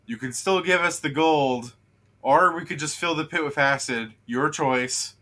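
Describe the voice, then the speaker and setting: A man voicing a brutish male bandit who yells taunts down a pit. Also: fairly high pitch, a little slow, voice pushed up. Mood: taunting. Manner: yelling, taunting.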